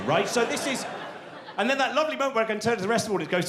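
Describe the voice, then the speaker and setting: Excitable man doing stand-up in a theatre. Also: high-pitched, rapid-fire, crowd noise. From England. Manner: excitable, rambling, acts out inner voices. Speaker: stand-up comedian. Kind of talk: live stand-up comedy. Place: large theatre stage. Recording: roomy live theatre sound. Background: audience laughter.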